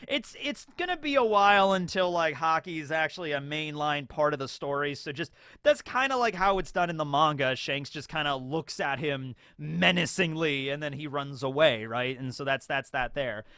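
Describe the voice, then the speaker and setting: A man casually recapping a show episode in an animated way, often acting out scenes. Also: a little high, moderate pace, few pauses, smooth, no echo, studio quality. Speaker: YouTube show reviewer.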